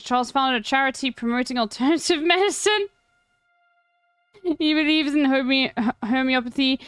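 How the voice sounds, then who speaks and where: A South African woman streamer reading an article aloud in casual chat, breaking off with wry, swearing asides and halting restarts. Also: high-pitched, a bit bright, smooth, no room sound.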